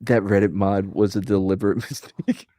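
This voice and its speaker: A man's voice: lowish voice, moderate pace, dry recording, clean studio sound. A man hosting a livestream, chatting casually with friends, joking and swearing. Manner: animated, profane, joking. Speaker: streamer host. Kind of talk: casual group chat on a livestream.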